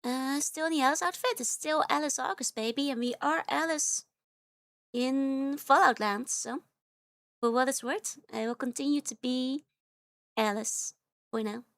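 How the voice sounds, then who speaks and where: A woman VTuber streamer, still recovering from a cold, greeting her live chat viewers in a bubbly, giggly way with many quick hellos. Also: high-pitched, a bit bright, no room sound, clean studio sound.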